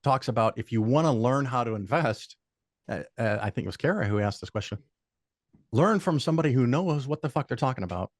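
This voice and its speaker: Recorded dry and at studio quality, an older man guests on a podcast with a medium-pitched voice. His casual storytelling is profane and animated, packed with frequent swearing and impersonated voices.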